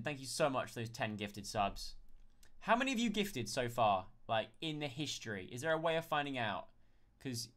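A man's voice: mid-range voice, a bit bright. A man chatting casually on a live stream, thanking viewers one by one and answering their questions.

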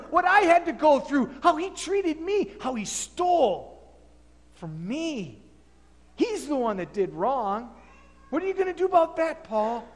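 A man's voice: high-pitched, pitched below the performer's own voice. A man preacher acting out a wronged man who protests and stammers in a sermon skit, heard in a reverberant church hall. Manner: indignant, pleading, stammering. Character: aggrieved man wronged by his servant.

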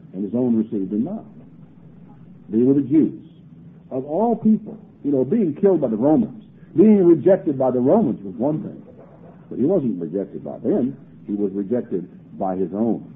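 A preacher with a slightly husky voice delivers a sermon, reading scripture dramatically and pressing rhetorical questions. His pitch swings widely as he preaches. The sound is narrow and tinny, like an old 1980s broadcast recording. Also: big pitch swings, normal speed.

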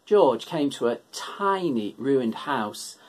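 Husky, slow-talking male storyteller. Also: mid-range voice, expressive. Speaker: children's worship leader. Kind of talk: reading a picture book aloud to children.

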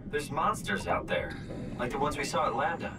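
A man's voice: fairly high pitch, moderate pace, close to an everyday voice. An actor voicing a tense, wary man exploring a wreck, talking in clipped, uneasy bursts. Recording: game audio over ambient noise.

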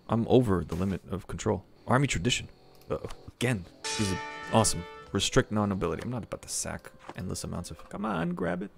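A man giving casual commentary while playing a strategy game, talking to himself with excitable outbursts. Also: fairly low pitch, quick pace, vocal fry, faint music behind. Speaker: strategy game let's-player.

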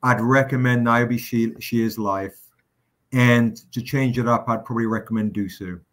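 A man's voice: mid-range voice, steady tone, moderate pace, a bit bright. A man hosting a live stream, chatting casually with fillers, jokes and the odd swear word. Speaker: livestream host running a crowdfunding campaign.

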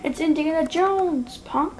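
A woman's voice: high-pitched, a little slow, a little mellow, slight background noise, pitched above the performer's own voice. A woman voicing an indignant adult male adventurer in a homemade toy stop-motion video, snapping back at insults. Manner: touchy, snaps back at insults.

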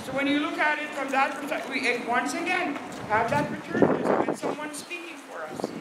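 A woman's voice: high-pitched, a little fast. A woman from Alberta, a First Nation leader, giving an emphatic, indignant speech at an outdoor rally in cold weather. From Alberta, Canada. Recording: echoey, distant, noisy outdoor crowd ambience.

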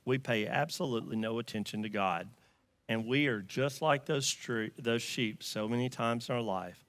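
A man with a Southern US accent preaching a sermon, telling a story and swinging from loud emphatic lines to quiet hushed ones. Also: medium pitch, normal speed, no room sound. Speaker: pastor.

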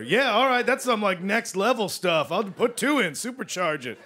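A man in his late thirties doing a rambling, self-deprecating stand-up set on a studio stage, swinging between loud bursts and mumbled asides. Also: high-pitched, animated, moderate pace, few pauses. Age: 30s. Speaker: stand-up comedian. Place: television studio stage with live audience.

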